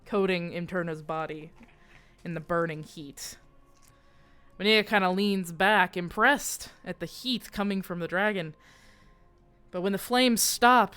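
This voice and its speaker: A woman's voice: fairly low pitch, a bit bright, smooth. A woman running a tabletop game, narrating at an easy pace and swearing casually out of character. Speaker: game master.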